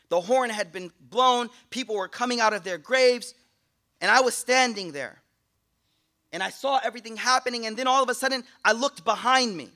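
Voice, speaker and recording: High-voiced man telling a dramatic sermon story. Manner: dramatic storytelling, swings between loud and hushed. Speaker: speaker, Islamic teacher.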